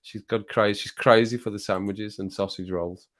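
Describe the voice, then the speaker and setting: A man's voice: on the low side, fairly even intonation, normal speed. A man hosting a live stream from his home setup, rambling casually to viewers on a desk microphone, laughing and swearing often. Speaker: livestream host.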